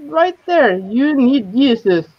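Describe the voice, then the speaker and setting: A high-pitched woman with a lively, swooping voice chats slowly and teasingly, breaking into giggles. Her voice comes through a slightly dull, muffled line. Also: breathy edge. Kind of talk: casual chat.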